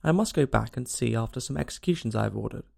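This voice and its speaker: A savage, short-tempered queen who barks orders, as a man puts her on. The voice is loud and commanding, with a heavy gravelly rasp. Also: mid-range voice, expressive, fast.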